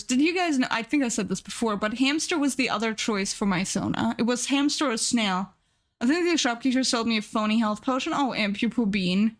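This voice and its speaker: A woman streaming live and chatting casually with her viewers, repeating herself and gushing in high squeals. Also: a little fast.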